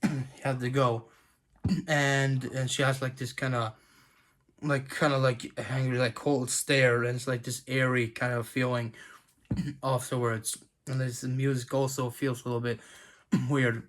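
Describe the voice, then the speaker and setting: A tired man talks through a TV episode in a loose, casual review. His voice sits at a mid pitch, and he stumbles through fillers and restarts, clearing his throat again and again. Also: level tone, a little slow, pauses often, fairly bright tone.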